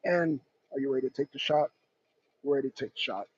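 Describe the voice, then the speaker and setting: Man doing a hushed sniper on the radio. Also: fast, slightly rough, natural voice. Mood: calm. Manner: low, quiet, terse radio chatter. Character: calm, clipped male military sniper on radio. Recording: dull, dry lo-fi sound.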